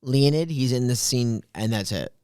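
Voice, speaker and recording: A man's voice: medium pitch, moderate pace, darkish tone, clear, resonant tone, no room sound, clean studio sound. A man co-hosting a podcast who talks bluntly about a film in casual chat and swears freely. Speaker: podcast co-host. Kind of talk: casual movie review chat.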